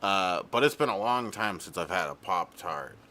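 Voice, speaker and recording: A man's voice: deep voice, lively intonation, moderate pace, sharp tone. A man streaming a video game, chatting in a laid-back, playful way. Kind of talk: casual live-stream chat.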